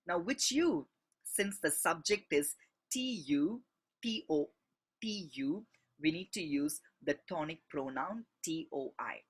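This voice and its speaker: A male French teacher works through a textbook exercise slowly and patiently. His voice is a little husky, and his pitch rises and falls a lot as he stresses each word and spells it out letter by letter. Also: lively intonation. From India.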